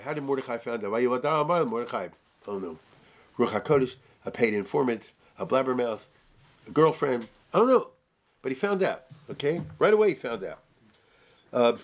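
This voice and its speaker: A man teaching an informal, joking Torah class, animated and often asking his listeners rhetorical questions. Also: mid-range voice.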